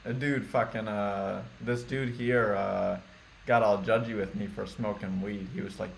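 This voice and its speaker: A laid-back young man in casual podcast chat, a low voice with plenty of gravel in it. He swears freely, leans on 'like', and a faint hiss sits under the recording. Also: fairly even intonation, normal speed. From United States. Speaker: podcast host. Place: living in Thailand.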